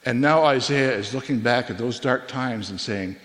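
A middle-aged man of ordinary pitch delivers an earnest, conversational sermon as a pastor. His voice rings out with a long reverb in a church hall. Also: fairly bright tone. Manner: earnest, conversational preaching with pauses and restarts.

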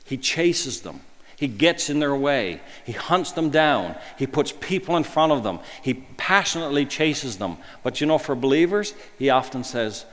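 A man preaching a sermon in a conversational way, asking rhetorical questions and moving between emphatic lines and hushed ones. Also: mid-range voice, very animated, moderate pace. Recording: long hall reverb.

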